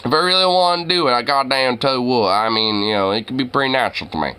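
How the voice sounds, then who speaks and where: Profane Southern-drawling man, bright tone. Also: mid-range voice, fast, clear, resonant tone. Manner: profane, rambling, heavy on "I mean" and "I tell you what". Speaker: live streamer talking to chat. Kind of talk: casual chat.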